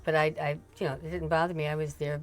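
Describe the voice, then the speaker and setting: A woman's voice: low-pitched, little pitch movement, fast talker, faint music behind. An older woman, a mother, telling family stories in a chatty, rambling way with frequent laughs and asides. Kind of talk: casual storytelling chat.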